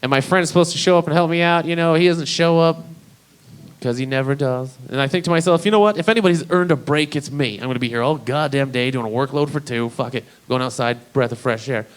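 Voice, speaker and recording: A man's voice: medium pitch, quick pace, clean tone, poor audio. A man doing a stand-up comedy set, talking in a rambling, profane, conversational way.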